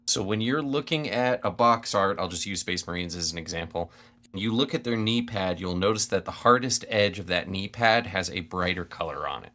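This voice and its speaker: A man's voice: deep voice, brisk, bright, forceful tone. A man hosting a casual painting stream, patiently explaining a technique step by step. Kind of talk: casual instructional chat.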